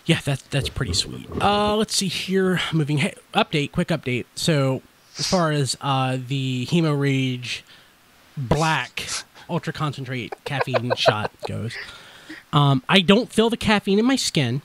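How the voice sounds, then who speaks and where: A man hosting a podcast in casual chat, talking fast and blurring his words together, wide awake and energized. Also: on the high side, expressive, fairly bright tone. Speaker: podcast host.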